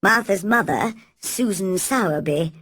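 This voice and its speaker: Sad worried uncle, low and quiet, slow, breathy, lady reader doing him. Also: expressive, dry recording, clean studio sound, full character voice. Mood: subdued. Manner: low and subdued. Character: sad, worried middle-aged man.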